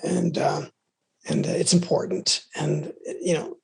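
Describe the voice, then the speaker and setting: A man's voice: on the high side, flat delivery, unhurried, creaky, husky. A middle-aged man from the United States, a podcast guest giving earnest, encouraging advice, often repeating words and restarting phrases. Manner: repeats words and restarts, soft trailing ends.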